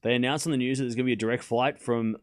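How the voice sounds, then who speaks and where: A man from Australia, a streamer and tennis coach, chatting casually and reading chat aloud during a live tennis watchalong, with quick bursts of play-by-play. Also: medium pitch, fairly even intonation.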